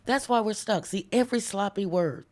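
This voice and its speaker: A woman hosting a live devotional stream, talking casually with viewers and slowing down to stress key lines. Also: medium pitch, darkish tone. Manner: chatty, reads viewer comments aloud, slows down for emphatic lines. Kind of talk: casual livestream devotional preaching.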